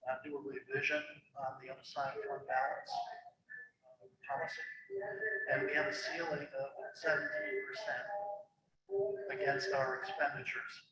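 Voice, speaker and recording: Board chair, man, measured formal delivery, echoey noisy room. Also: medium pitch, little pitch movement, distant mic. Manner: measured, formal, frequent "uh" pauses. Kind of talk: public meeting remarks. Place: town meeting room.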